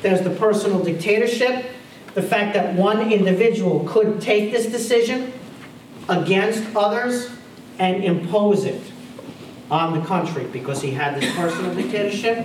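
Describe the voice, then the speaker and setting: In a lecture hall, a high-pitched man speaks at normal speed through a university history lecture, hammering home key phrases and tossing out rhetorical questions with emphasis. The audio is distant and roomy, with a little hiss or hum.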